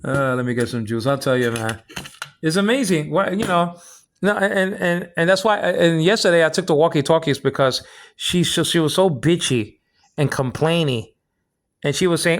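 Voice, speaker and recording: A man's voice: fairly high pitch, normal speed, a bit bright. An older man from the Philippines in a rambling personal monologue, heated and repetitive, often stammering and restarting his words. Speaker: vlog host.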